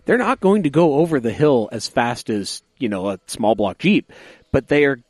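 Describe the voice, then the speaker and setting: A man of middle pitch banters on a car podcast, quick with facts and jokes. His delivery is loose and conversational. The sound is dry and close to the mic. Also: animated, a little mellow, dry recording. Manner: quick, knowledgeable, joking banter. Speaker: podcast co-host. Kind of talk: casual car podcast chat.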